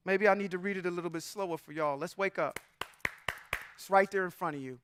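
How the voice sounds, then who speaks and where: Man, very high voice, emphatic preacher reading and unpacking scripture, dry close sound. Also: fairly quick, smooth, no room sound. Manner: emphatic, preacherly, swings between loud and quiet asides. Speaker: teacher. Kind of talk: sermon-style bible teaching.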